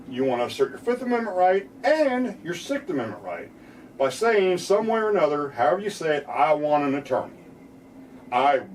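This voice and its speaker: Plain-spoken American lawyer explaining rights. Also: male voice, fairly high pitch, distant mic, slight background noise, poor audio. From United States. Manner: plain-spoken, acts out police lines with a laugh. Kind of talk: explaining legal rights to viewers.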